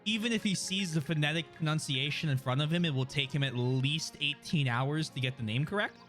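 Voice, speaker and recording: A man's voice: fairly high pitch, fairly quick, fairly bright tone, faint music behind. A man giving casual, chatty commentary while streaming a game. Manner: chatty, laughing asides.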